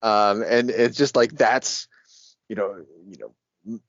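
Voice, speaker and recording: A man co-hosting a casual podcast about comics, talking in an animated way, laughing often and swearing freely. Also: fairly low pitch, takes it slowly, no room sound. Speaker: podcast co-host. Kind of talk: casual comic book discussion. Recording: dry, dull lo-fi sound.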